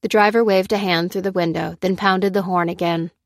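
A woman narrating a work of fiction in a steady storytelling voice. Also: lowish voice, brisk, dry recording, studio quality. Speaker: audiobook narrator.

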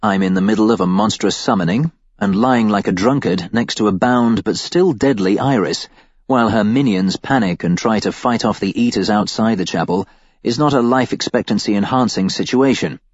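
Low, dry-voiced male audiobook narrator. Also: moderate pace, slightly rough, no echo, highs cut off. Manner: wry, deadpan first-person delivery. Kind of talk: first-person audiobook narration.

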